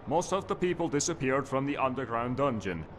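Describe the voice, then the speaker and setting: A man's voice: medium pitch, lively intonation, fairly quick, a little hiss or hum, natural voice. A man voicing a stern male official in a game, asking for help in a put-on northern-sounding accent. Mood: urgent. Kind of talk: game character dialogue.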